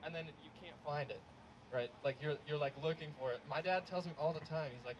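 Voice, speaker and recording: A young man tells a casual, rambling stand-up story outdoors, with a slightly high voice. The recording is noisy, as it was made out of doors. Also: a little fast. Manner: casual, rambling with many likes. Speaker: stand-up comedian. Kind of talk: stand-up set. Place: outdoor show.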